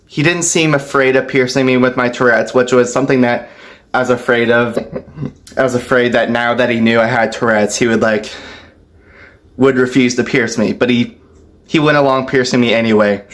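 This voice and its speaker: A man vlogging a casual storytime, chatty and loose, laughing softly between phrases. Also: mid-range voice. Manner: loose, filler-heavy talk.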